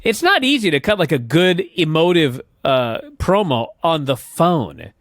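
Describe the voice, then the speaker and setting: A man telling a wrestling story to his co-hosts, swearing freely and acting out every quote. His voice sits a little high and swings widely in pitch. The sound is dry and close. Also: a little slow, no room sound. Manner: animated storyteller, swears often, acts out quotes. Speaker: podcast co-host. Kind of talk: casual wrestling recap chat.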